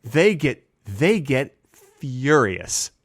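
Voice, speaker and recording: Deadpan man rambling absurd jokes. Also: mid-range voice, extremely slow, no echo, clean studio sound. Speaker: podcast co-host. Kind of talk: casual comedic chat.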